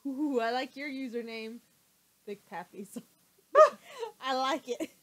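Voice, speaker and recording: A woman's voice: sits high, sing-song, slow pace, fairly bright tone, poor audio. Stream co-host: a light-voiced woman, chatty and giggly, reading viewer questions between laughs. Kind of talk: casual chat.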